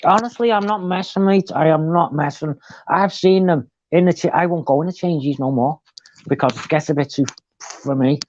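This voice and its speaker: A man telling animated stories in a casual live chat. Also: fairly high pitch, normal speed, muffled recording, slight background noise. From England. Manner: chatty, animated storytelling. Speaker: co-host.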